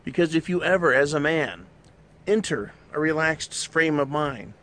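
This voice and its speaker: A man's voice: on the high side, expressive, moderate pace, a bit bright. Blunt, swearing man ranting. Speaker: show host. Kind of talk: opinionated monologue.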